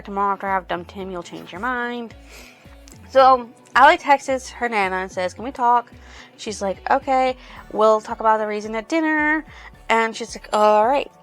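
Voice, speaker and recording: A woman's voice: mid-range voice, fairly bright tone. Female book reviewer, mid-range voice, chatty rambling recap, faint music underneath. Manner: rambling retelling with many "she's like" quotes. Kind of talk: casual plot recap.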